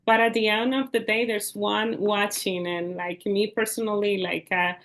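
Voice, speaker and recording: A woman's voice: medium pitch, steady tone, normal speed, a bit bright. Hesitant woman hosting an interview. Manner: hesitant, with many fillers. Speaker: podcast host. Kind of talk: casual interview.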